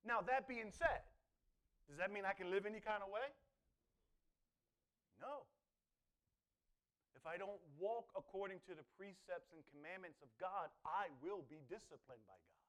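A man with a notably high voice preaches a sermon to his congregation. He speaks with emphasis and keeps asking his listeners for responses. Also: measured pace, long pauses, a bit bright. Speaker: pastor.

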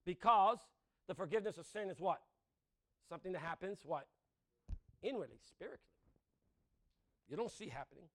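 A man's voice: sits high, lively intonation, brisk, long pauses. A man preaching a sermon in a conversational way, asking the congregation questions and laughing at his own jokes.

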